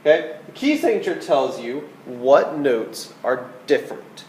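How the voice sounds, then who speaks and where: A man's voice: mid-range voice, sing-song, measured pace, a little mellow, echoey room, slight background noise, low-quality recording. A man teaching a recorded flute lesson, patient and checking in with "okay?" as he explains. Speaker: band teacher.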